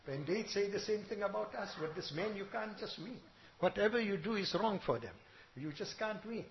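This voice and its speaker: A male Islamic teacher giving a sermon to students, mixing Arabic terms into his English and reciting verses quickly. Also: sits high, expressive. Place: madrasa. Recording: dull lo-fi recording with faint hiss.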